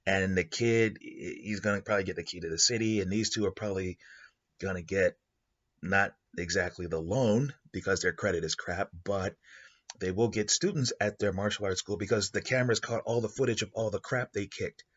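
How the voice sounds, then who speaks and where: A man's voice: deep voice, fairly even intonation, normal speed, a bit bright, slightly rough, dull audio. A man hosting a show, improvising a story in a rambling way with many fillers. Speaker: host.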